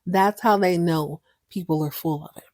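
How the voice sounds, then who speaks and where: A woman's voice: lowish voice, moderate pace, darkish tone, dry recording, clean studio sound. A woman in her thirties hosting a podcast, recapping a soap opera casually with playful, sarcastic asides. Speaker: podcast host.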